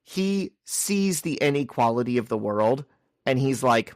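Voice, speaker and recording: A man co-hosting a podcast, casually recapping a comic and acting out the characters' lines in quick asides. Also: medium pitch, expressive, no echo, studio quality. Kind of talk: casual chat.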